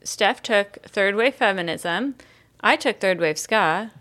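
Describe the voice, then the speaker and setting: A woman's voice: medium pitch, lively intonation, takes it slowly, fairly bright tone. A woman co-hosting a podcast in casual chat, swearing freely and using many fillers. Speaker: podcast co-host.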